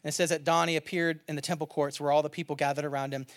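Pastor, male, thirties, high and dry close-miked voice, animated sermon storytelling with big loud-to-soft swings. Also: rapid-fire, no echo.

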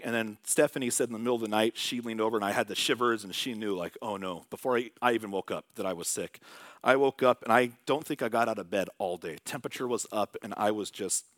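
A middle-aged male pastor preaching a sermon in a conversational storytelling manner, dropping to soft, hushed tones on key points. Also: medium pitch, no room sound.

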